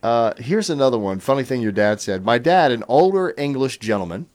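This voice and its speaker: A man's voice: mid-range voice, fairly quick. A middle-aged man hosting a radio call-in show, reading listener stories aloud with chuckles and easy fillers. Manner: chuckling, relaxed storytelling with fillers. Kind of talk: reading listener comments on air.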